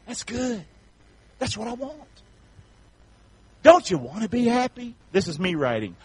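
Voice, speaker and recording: A man's voice: high-pitched, big pitch swings, a little slow, breathy edge, rough recording. A man from North Carolina with a Southern accent, preaching a folksy sermon as pastor, calling out to the congregation for amens. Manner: folksy, swings from shouts to soft asides, calls for amens.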